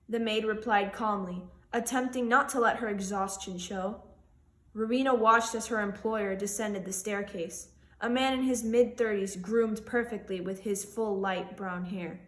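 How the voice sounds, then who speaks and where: A woman's voice: mid-range voice, normal speed, reverberant. A young woman, a student author, introduces herself and reads her own short story aloud, giving the characters voices. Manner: expressive reading, voicing characters.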